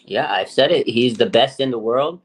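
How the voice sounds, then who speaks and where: A man co-hosting a casual sports talk show, an animated storyteller full of hyped praise. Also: mid-range voice, normal speed. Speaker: podcast co-host.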